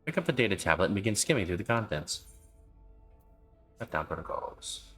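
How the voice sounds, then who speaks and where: A man with a very low voice casually narrates his playthrough, reading the game's prompts aloud. Faint game music plays under him. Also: very animated, very fast, fairly bright tone. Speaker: game streamer.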